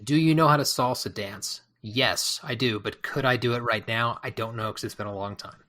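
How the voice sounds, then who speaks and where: Male podcast host, casual, hesitant, rambling fillers, quick-fire questions. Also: medium pitch, pushed and bright.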